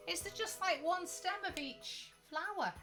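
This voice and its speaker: A woman's voice: very high voice, a little slow, over music. A middle-aged woman, a streamer's mother, chatting earnestly and sentimentally on a livestream. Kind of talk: casual chat on a livestream.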